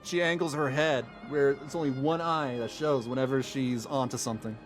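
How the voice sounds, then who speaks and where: A man's voice: mid-range voice, steady tone, normal speed. A man streaming a game, making joking, amused asides while playing. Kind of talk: casual game commentary. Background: game music.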